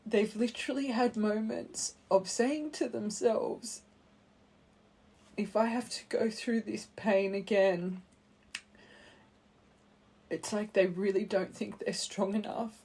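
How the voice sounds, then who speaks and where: A woman giving a tarot card reading to her viewers, speaking gently and heartfelt and calling her listeners her angels. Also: mid-range voice, slow, long pauses, husky. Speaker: tarot reader.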